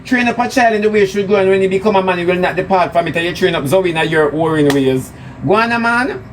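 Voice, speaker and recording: A high-pitched man with a Jamaican accent rants mockingly on a live stream, heaping sarcastic scolding on his targets. He sits back from the mic, and loud background noise runs under his voice. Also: fast, recorded from a distance, low-quality recording. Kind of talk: ranting live-stream monologue.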